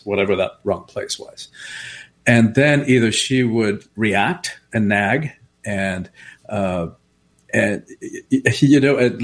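Casting: male host, lower voice, chatty storyteller with quick asides. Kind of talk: casual podcast conversation.

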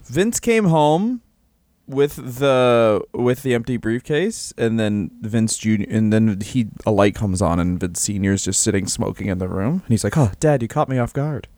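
A man's voice: on the low side, moderate pace, darkish tone, no echo. A man co-hosting a casual comedy podcast, telling stories with laughs and acting out the lines of the people in them. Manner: laughing storyteller, acts out quotes. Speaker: podcast co-host.

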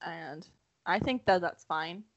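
A woman co-hosting a casual podcast, teasing her partner and quick to challenge his ideas. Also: lowish voice, dull audio. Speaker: podcast co-host.

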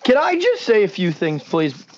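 A man's voice: sits high, huge pitch swings, normal speed, a little hiss or hum. A young man co-hosting a casual sports podcast, blunt and ranting, swearing freely. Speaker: podcast co-host. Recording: dull lo-fi podcast mic.

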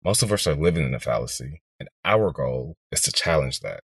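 A man in his twenties from Houston, Texas, hosting a podcast and telling a story in an energetic, motivational monologue aimed straight at listeners. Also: very deep voice, fairly quick, gravelly, husky, dry recording. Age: 20s. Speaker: podcast host, real estate investor.

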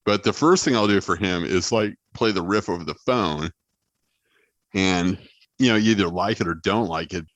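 A low-pitched man from Texas, a guitarist and songwriter, chats casually in an interview about songwriting. He rambles and jokes with lots of fillers at a moderate pace; his voice is a bit bright and the recording has no echo.

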